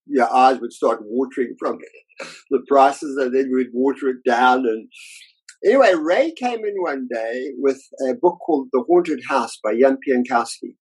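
Unhurried and husky, with a voice in the middle range, an elderly illustrator relaxes into a casual interview full of vivid career stories. He acts out the voices of people he's quoting, and the recording is low quality.

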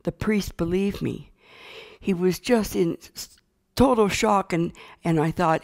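An older woman telling a personal story from her childhood, earnest and unhurried, with small fillers. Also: on the low side, vocal fry, darkish tone. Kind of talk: personal testimony.

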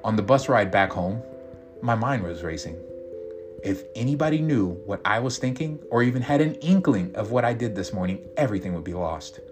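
A man's voice: on the low side, animated, brisk. A man reading a first-person story aloud in a reflective, confessional way. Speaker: story reader. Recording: guitar music behind.

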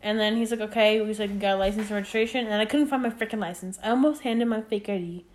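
A woman's voice: mid-range voice, fast, darkish tone. Chatty young woman telling stories. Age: 20s. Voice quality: chatty, peppered with "like" and acted quotes. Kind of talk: casual chat.

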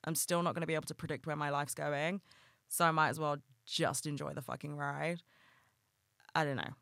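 A young man talks straight into a close, dry mic on his solo podcast. His voice is bright and crisp, a little higher than most men's, and he speaks openly and earnestly, dropping casual swears as he goes. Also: level tone, fairly quick, no room sound. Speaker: podcast host.

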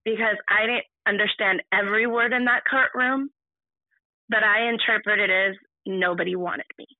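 Woman guest recounting her own past, halting and restarting often; thin phone-line sound. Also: medium pitch, steady tone, dry recording. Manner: halting, full of restarts and fillers. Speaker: podcast guest. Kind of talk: personal storytelling.

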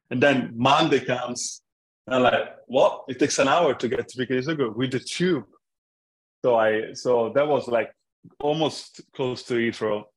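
Man telling a story. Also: medium pitch. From Italy. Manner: storytelling, jokey, many restarts. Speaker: app founder, podcast guest. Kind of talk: casual chat.

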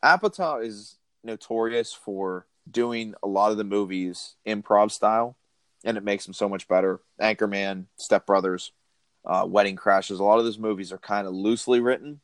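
A man's voice: fairly low pitch, moderate pace, no room sound. A man co-hosting a podcast, chatting casually about a movie, laughing often and retelling scenes. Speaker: podcast co-host.

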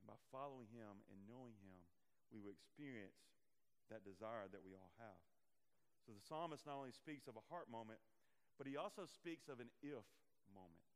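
A man's voice: fairly low pitch, expressive, normal speed, big-room sound. A man preaching a sermon as pastor, earnest, with swelling and falling emphasis and repeated phrases.

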